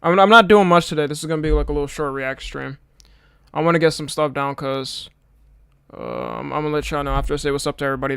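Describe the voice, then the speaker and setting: Young guy streamer kinda tired, chill and cussing a lot, smooth clear voice. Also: fairly high pitch, no echo, clean studio sound. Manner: laid-back, swears freely, rattles off viewer greetings. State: a little tired. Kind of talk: casual live-stream chat.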